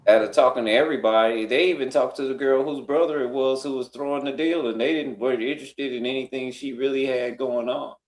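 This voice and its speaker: A man's voice: mid-range voice, steady tone, quick pace, hardly any pauses. A man telling a long story in casual talk, acting out what other people said in changed voices. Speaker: guest on a live talk stream. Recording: roomy echo.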